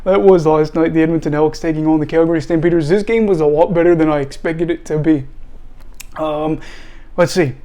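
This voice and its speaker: A man's voice: fairly high pitch, steady tone, a little fast, warm tone. A man, a young adult, hosting a casual solo sports recap, chatty and often breaking into apologetic laughter. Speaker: sports channel host.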